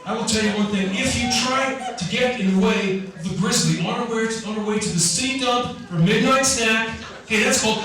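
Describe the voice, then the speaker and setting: A man giving a comic motivational talk to a live audience, over-the-top and theatrical, sometimes bursting into shouts. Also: sits high, a little fast. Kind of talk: comedic live presentation to an audience. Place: large conference room with an audience. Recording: echoey room from far off, crowd laughter.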